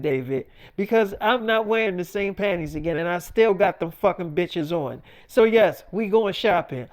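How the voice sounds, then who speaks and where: A man voicing his angry, nagging wife, swearing and scolding him by name. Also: high-pitched. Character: furious scolding wife, adult woman.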